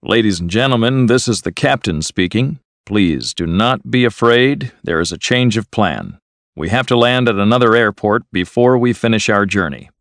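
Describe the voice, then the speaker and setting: A man doing a calm pilot on the intercom, lowish voice, dry sound, slow and steady. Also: dry recording, close to an everyday voice. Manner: steady, reassuring announcement. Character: calm male airline captain on the intercom.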